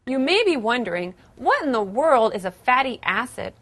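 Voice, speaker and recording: A woman's voice: a little high, very animated, normal speed, a bit bright. A woman presenting a scripted educational lesson in a perky, enthusiastic way.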